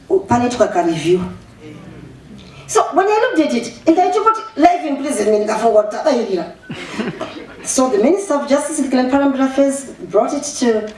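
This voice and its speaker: Zimbabwean woman giving an animated speech. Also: a little high. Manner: animated, mixes English with Shona, frequent restarts. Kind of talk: public speech. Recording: echoey room, voice far from the mic, faint ambience.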